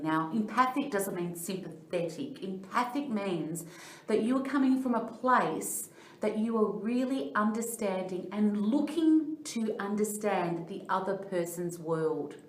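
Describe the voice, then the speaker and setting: A middle-aged Australian woman, a life coach, explaining ideas earnestly in a training talk and telling personal stories. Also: mid-range voice. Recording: echoey room.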